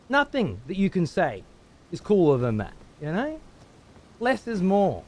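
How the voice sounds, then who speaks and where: A man's voice: sits high, sing-song, unhurried, long pauses, a little mellow. An Australian man streaming a game live, ranting and swearing heavily while he talks to his chat. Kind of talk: live gameplay commentary.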